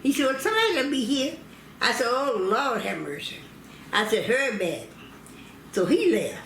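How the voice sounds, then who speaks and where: A woman's voice: on the high side, sing-song, normal speed, a bit bright, roomy sound, a little hiss or hum. An older woman from North Carolina, recalling childbirth stories, acting out quoted voices and laughing often. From North Carolina, United States. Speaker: interviewee telling family history.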